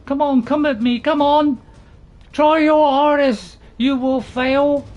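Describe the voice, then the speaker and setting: A man's voice: very high voice, flat delivery, a little slow, a bit bright, dull audio, soft background music, pitched above the performer's own voice, full character voice. A man putting on a boastful shieldmaiden. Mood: taunting. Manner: taunting, theatrical challenges. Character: boastful young woman shieldmaiden warrior.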